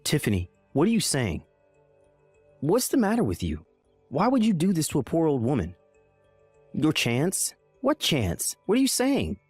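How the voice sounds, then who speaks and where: A man's voice: a little high, huge pitch swings, measured pace, long pauses, darkish tone, breathy edge, no room sound, heavily acted. A bewildered young husband pleads for answers, his voice swinging widely up and down, as a man acts him out. The sound is dry and close, with faint music behind. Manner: confused, pleading, rising alarm. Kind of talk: dramatized story narration.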